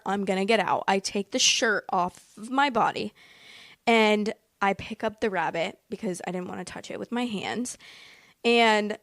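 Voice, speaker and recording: A woman's voice: mid-range voice, no echo, studio quality. A woman telling a personal story in a casual, rambling way, packed with fillers and emotional asides. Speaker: vlogger.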